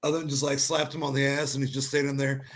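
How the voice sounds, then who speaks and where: A man's voice: medium pitch, little pitch movement, fast talker. A man hosting a sports podcast, telling stories animatedly, acting out quotes and swearing freely. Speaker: podcast host. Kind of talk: casual sports chat.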